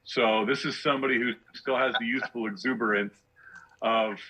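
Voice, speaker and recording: A man's voice: mid-range voice, fairly even intonation, normal speed, pushed and bright, slightly rough, poor audio. A male comedian on a podcast, ranting with sarcastic rhetorical questions in casual chat. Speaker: guest comedian.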